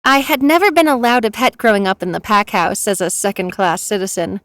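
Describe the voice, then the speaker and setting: A woman narrating a first-person romance story in a steady, plain reading. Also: medium pitch, brisk, no echo.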